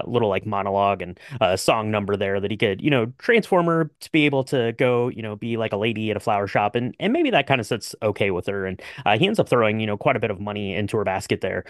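A man with a lowish voice talking fast in a casual podcast chat. He uses many fillers and sounds agreeable. The recording is close and dry. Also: no room sound. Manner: quick, filler-heavy, agreeable. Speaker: podcast co-host.

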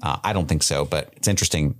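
A man's voice: very deep voice, fast. A man co-hosting a podcast, chatting casually about a fantasy series and joking around. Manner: animated, jokey, puts on silly voices for characters. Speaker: podcast co-host. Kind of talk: casual chat.

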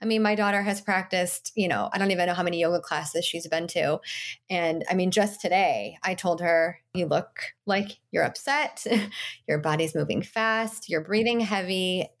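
A woman's voice: on the low side, normal speed. Reassuring woman explaining with "right?" tags. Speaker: podcast guest, yoga teacher. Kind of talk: casual conversation.

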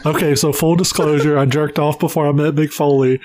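A man with a fairly high voice, cracking brash, crude jokes in relaxed podcast banter. The recording is close and dry. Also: brisk, dry recording. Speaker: podcast co-host.

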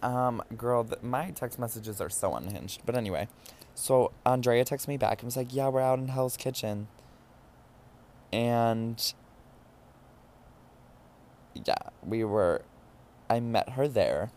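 A man hosting a podcast, telling a drunken night-out story in a campy, animated, casual way. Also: mid-range voice, takes it slowly, long pauses. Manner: campy and animated, mimics voices in quotes. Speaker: podcast host. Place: New York.

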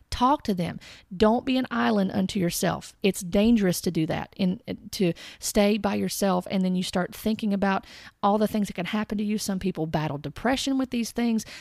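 A woman sharing a personal faith testimony in an earnest, halting way, often restarting and repeating words. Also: medium pitch, gravelly, a little mellow, no room sound, studio quality. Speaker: Christian speaker sharing testimony.

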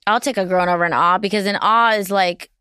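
A woman's voice: medium pitch, steady tone, quick pace, sharp tone, clear, resonant tone, no room sound, studio quality. A woman comedian hosting a podcast, talking frankly and profanely and asking her guest questions. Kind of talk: casual podcast chat.

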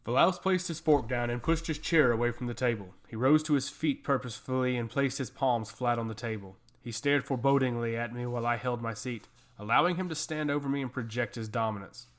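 A man narrating a first-person fantasy story in a steady, measured reading. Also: medium pitch.

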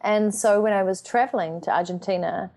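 A woman's voice: medium pitch, brisk, darkish tone. A woman in her thirties from New Zealand, chatting animatedly as a podcast guest and acting out quotes. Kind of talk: casual conversational interview.

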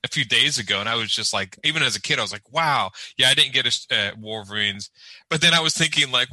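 Brief: man, very bright tense tone, dry close mic, rambling banter. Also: medium pitch, fast talker, dry recording, low-quality recording. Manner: rambling, animated, laughs often. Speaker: podcast co-host. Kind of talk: casual chat.

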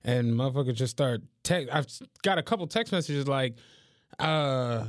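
A young man co-hosting a podcast, telling animated, profane stories in casual chat. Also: mid-range voice, normal speed, no room sound, clean studio sound. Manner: animated storytelling, swearing. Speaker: podcast co-host.

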